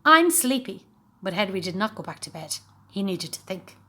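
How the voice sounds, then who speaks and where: A woman narrating a children's storybook, expressive and voicing every character. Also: fairly low pitch, fairly quick, breathy edge.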